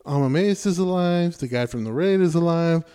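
Podcast co-host, man, mellow and dark-toned, sarcastic and animated storyteller, casual and profane. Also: on the high side, moderate pace, clean tone. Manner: animated retelling, acts out characters' lines with sarcasm. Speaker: podcast co-host reviewing a movie.

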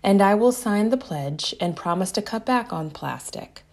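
A woman voicing a caring but firm mother in a children's story, who speaks calmly and deliberately. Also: mid-range voice, voice pushed up. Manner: calm, deliberate.

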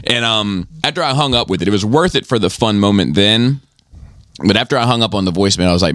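A man's voice: fairly low pitch, animated, quick pace, a bit bright, no room sound, clean studio sound. A man hosting a casual podcast, telling a rambling, profanity-laced story. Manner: rambling storyteller, swears often. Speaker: podcast host.

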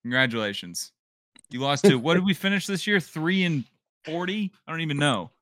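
A man co-hosting a casual sports chat, heckling the others, swearing and laughing loudly. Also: a little high, expressive, brisk, no room sound, studio quality. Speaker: podcast co-host.

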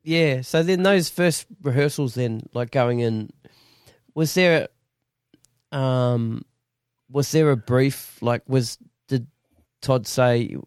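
A man's voice: mid-range voice, slow, long pauses, a little mellow, smooth, no echo, clean studio sound. A man hosting a casual interview, asking long, restarting questions. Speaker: podcast host.

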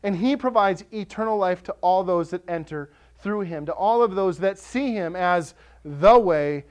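A man's voice: sits high, moderate pace, clean tone. A male pastor preaching a sermon, impassioned and building to emphatic declarations.

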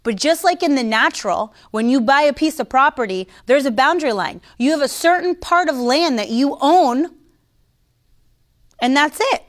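A woman with a fairly high voice gives an informal faith teaching straight to her followers. She talks in a relaxed, conversational way, stresses her points hard, and slips into mockery now and then. She stops for sips of coffee between thoughts. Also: moderate pace. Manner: conversational, mocking, emphatic; sips coffee while talking. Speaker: Christian teacher. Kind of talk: casual livestream teaching.

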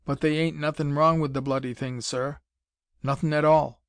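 Brief: man playing a small wizened Cockney mechanic, twangy, chatty, raised pitch. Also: moderate pace, clear, resonant tone, no echo, studio quality, natural voice. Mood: puzzled. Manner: dropped h's, excitable.

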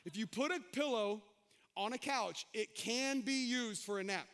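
A man preaching a sermon, animated, calling out to the congregation and slipping into folksy, joking asides. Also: sits high, normal speed, smooth. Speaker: pastor.

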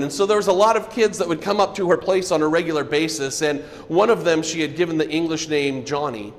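Male preacher, high-pitched, earnest, softens for emphasis. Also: big-room sound. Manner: earnest, drops to a soft low voice for emphasis. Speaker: pastor. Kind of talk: sermon.

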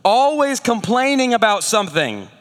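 A male pastor preaches in a high, lively voice that swoops up and down as he tells stories and asks rhetorical questions. His voice rings out with a long echo, as in a big hall. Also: moderate pace. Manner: animated, storytelling, rhetorical questions. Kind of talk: sermon.

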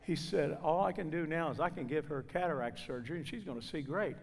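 A man preaching a testimony in a church, slightly higher-pitched than most men. He tells his story with feeling and slips into the voices of the people he quotes. His voice rings with the long reverb of a big hall. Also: quick pace, gravelly. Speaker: guest preacher. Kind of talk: sermon testimony.

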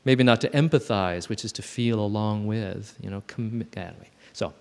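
A gravelly, fairly low-voiced man in his fifties gives a reflective personal talk at a gathering, speaking at a normal pace. He often restarts his sentences, and a long hall reverb fills the recording.

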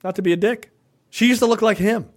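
He's a fast talker with a high-pitched voice, co-hosting a podcast. The political chat is loose and profane, animated and meandering, studded with many "right?" asides.

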